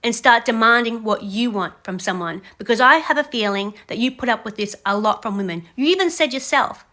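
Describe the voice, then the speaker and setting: A woman's voice: on the high side, fairly quick, sharp tone. A young adult woman giving blunt, scolding reality show commentary, speaking straight to a contestant. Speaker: reaction commentator.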